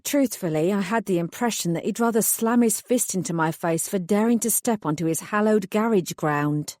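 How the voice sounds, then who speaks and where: A woman narrating a first-person fantasy audiobook in a measured, wry way. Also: mid-range voice, darkish tone, dry recording, studio quality.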